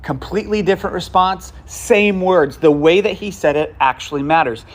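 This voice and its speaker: A man's voice: high-pitched, normal speed. A man preaching a sermon in a conversational way, with asides, restarts and questions to the congregation. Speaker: pastor.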